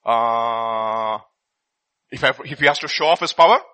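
A man preaching a sermon, reading scripture and swinging from loud bursts to quiet asides. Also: on the high side, very fast, husky, poor audio.

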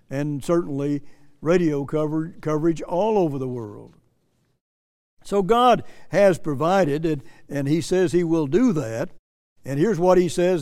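A man's voice: on the high side, darkish tone, in a large hall. A man preaching a sermon as pastor, earnest and plain-spoken, repeating himself and lifting his voice when he quotes scripture.

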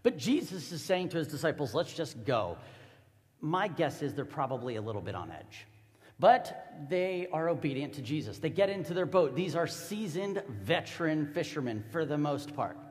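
A man's voice: fairly high pitch, very animated, moderate pace, big-room sound. A man preaching a sermon as a pastor, telling the story casually and with animation.

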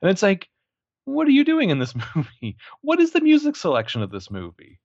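A man's voice: high voice, wildly swooping pitch, brisk, a little mellow, no room sound, muffled recording. A man co-hosting a podcast, chatting casually and sarcastically about a film, swearing and laughing often. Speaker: podcast co-host. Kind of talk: casual movie review chat.

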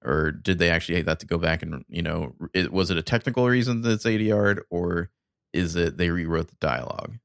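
A laid-back man co-hosts a podcast, taking his time with frequent uhs and a dry sense of humor. His voice is very low with a gravelly fry, and the sound is close and dry. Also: a little fast, no echo. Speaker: podcast co-host. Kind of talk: casual chat.

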